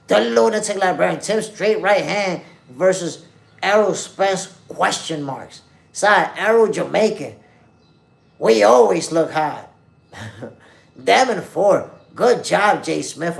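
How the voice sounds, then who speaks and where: A man's voice: fairly high pitch, vocal fry, fairly bright tone. A man hosting a live boxing stream, chatting casually and reading viewer comments in loose slang. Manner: loose slangy street talk, addresses chat directly.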